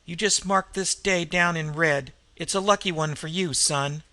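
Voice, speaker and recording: Man playing cocky young cowboy, high bright voice, dry read. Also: moderate pace. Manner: easy drawl, dropped g's. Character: cocky young male Western cowboy, calm and grinning.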